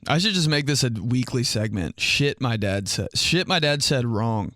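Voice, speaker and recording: Lively, bright-voiced young man. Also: medium pitch, moderate pace, no room sound, studio quality. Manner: animated, laughs often, mimics voices. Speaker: podcast host. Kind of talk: casual comedic monologue.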